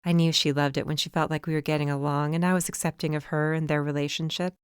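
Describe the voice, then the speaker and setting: A woman's voice: deep voice, little pitch movement, quick pace, clear, resonant tone, dry recording, studio quality. A young adult woman reading a first-person novel in a wry, conversational way. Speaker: audiobook narrator. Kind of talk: first-person scripted narration.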